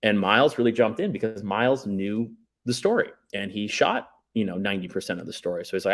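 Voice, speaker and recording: A man's voice: on the low side, quick pace, vocal fry, few pauses. A man chatting casually on a podcast as a guest, telling stories in a laid-back, rambling way with lots of fillers. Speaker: guest, documentary writer and director.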